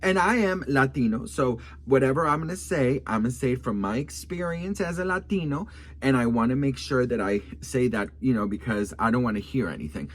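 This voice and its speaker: Sassy, lively-voiced young man. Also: mid-range voice, brisk. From United States (Miami), Colombian family. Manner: sassy, animated, addresses viewers as girl. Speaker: commentary vlogger. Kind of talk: casual celebrity gossip commentary.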